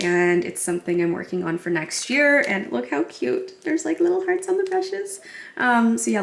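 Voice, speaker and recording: A woman's voice: lowish voice, a little hiss or hum. A young woman, a beauty vlogger and mother, chatting casually to the camera at home in a bubbly, gushing way with plenty of fillers. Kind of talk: casual vlog chat to camera. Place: at home, in her mud room.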